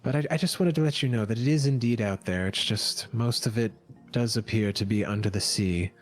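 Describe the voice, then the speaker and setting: A man's voice: fairly low pitch, faint music behind. A man running a tabletop game as dungeon master, narrating and playing characters with many fillers and restarts. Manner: slow, hesitant, with many fillers.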